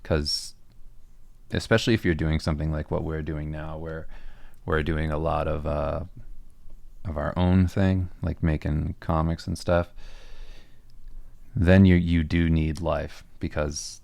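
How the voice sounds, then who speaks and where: A man with a very low, gravelly voice that barely moves in pitch talks casually on a livestream, answering viewer questions about his art. He rambles in a relaxed way, full of fillers and restarts, and his voice sounds close and dry. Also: a little slow, long pauses, dry recording. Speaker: comic artist and podcast co-host.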